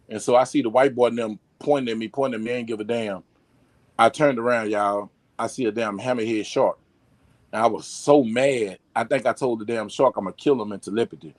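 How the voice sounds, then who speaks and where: A man's voice: medium pitch, dry recording. A man hosting a casual podcast chat, telling stories in a loose, rambling, profane way. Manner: animated, profane storytelling; loose, rambling delivery with restarts. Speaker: podcast host.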